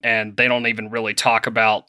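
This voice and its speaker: Bright-voiced man co-hosting a podcast. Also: fairly low pitch, flat delivery, brisk, clear, resonant tone, dry recording, studio quality. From Pennsylvania. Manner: self-deprecating, reads history notes in an easygoing way. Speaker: podcast co-host. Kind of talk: casual podcast storytelling.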